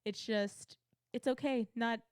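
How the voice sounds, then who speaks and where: A woman's voice: a little high, steady tone, takes it slowly, darkish tone, no echo, clean studio sound. A young adult woman co-hosting a casual review chat, talking candidly and with opinions, full of fillers and restarts. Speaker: co-host reviewing theme park events.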